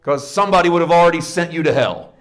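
A middle-aged man preaching a sermon, dropping into hushed low asides and rising to loud emphatic peaks. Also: quick pace. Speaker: pastor.

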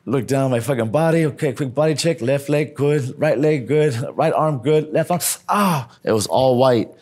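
A young man telling profane, animated stories in street slang during an interview. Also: mid-range voice, normal speed. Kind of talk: casual storytelling.

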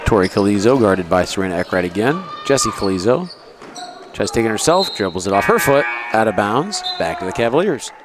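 A man's voice: fairly low pitch, fairly quick. Man calling a basketball game. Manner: relaxed, chatty, with asides. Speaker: play-by-play commentator. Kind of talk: local sports commentary. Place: school gym. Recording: noisy gym ambience. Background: crowd and bouncing balls.

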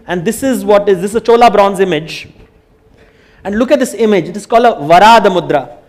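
A man with an Indian accent giving a conference talk, telling stories in an animated way and slipping Hindi phrases in. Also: high-pitched. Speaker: speaker. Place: conference hall.

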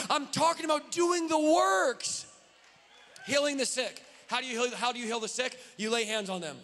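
A man preaching a sermon from the pulpit in a church, fervent and often shouting. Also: very high-pitched, normal speed. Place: church sanctuary. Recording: long hall reverb.

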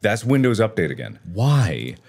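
A young man giving let's play commentary while he rages, swinging from low mutters to loud frustrated yelling. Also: very animated, normal speed, creaky. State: frustrated and raging. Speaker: gaming video creator.

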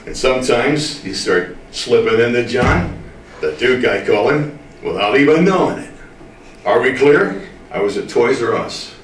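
A man's voice: mid-range voice, lively intonation, a little hiss or hum. An older man from the Midwest, telling stories in an interview and drawling out his words with firm emphasis. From American Midwest. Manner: drawling, slow to get things said, emphatic. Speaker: voice actor interviewee. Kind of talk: casual interview storytelling. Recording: roomy room, distant mic.

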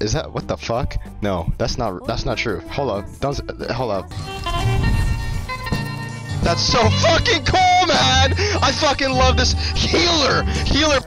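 A young man streaming a game at his home desk, trading crude, profane banter and breaking into sudden shouts. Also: medium pitch. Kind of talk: casual live-stream gaming chat. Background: game music playing.

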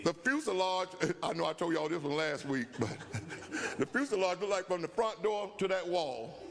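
An older man, a bishop and pastor, preaching at a Bible study and telling stories that climb into shouts, in a church sanctuary. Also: sits high, lively intonation, moderate pace, vocal fry. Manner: storytelling preacher, rising to shouts. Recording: long church-hall reverb.

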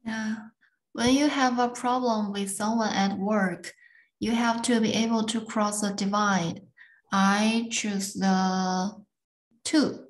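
Slow hesitant woman learner. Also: mid-range voice, fairly even intonation, poor audio. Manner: hesitant, careful reading. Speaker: English learner. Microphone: video call.

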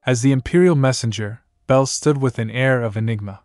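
Man, narrator, scripted story recap, even measured reading, mid pitch, dry close sound. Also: no room sound. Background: faint music.

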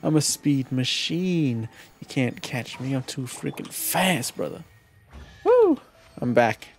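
A man streaming a video game live, chatting casually, excitable and profane, with playful shouted exclamations. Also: medium pitch, measured pace, a little hiss or hum. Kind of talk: casual live gameplay commentary. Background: faint game music.

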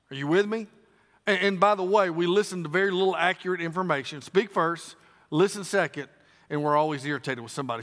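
A high-voiced man with a Southern US accent preaches a sermon as a pastor, swinging between loud and quiet and repeating phrases for emphasis. The church hall gives the recording a long reverb.

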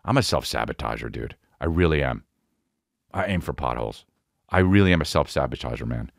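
Low-voiced comedian dude in his 40s rambling and cussing on his podcast, dry close mic. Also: expressive, a little fast, gravelly, dry recording. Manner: rambling, profane, self-mocking. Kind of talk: casual comedic monologue. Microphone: studio podcast mic.

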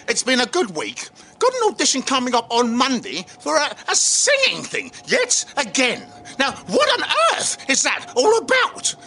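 A man, an actor hosting his own vlog, talking theatrically and exuberantly to a camera he holds himself outdoors by a river, with sudden loud outbursts. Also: very high-pitched, wildly swooping pitch, moderate pace, slight background noise, low-quality recording. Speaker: actor and channel host. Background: faint outdoor ambience.

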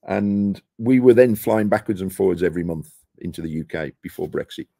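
Man, middle-aged, from the UK, low husky voice, dry close sound, animated storytelling. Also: brisk, no echo. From United Kingdom. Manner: lively anecdotes, acting out quoted dialogue. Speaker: guest, property investor. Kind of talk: casual interview storytelling. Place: rooftop terrace outdoors.

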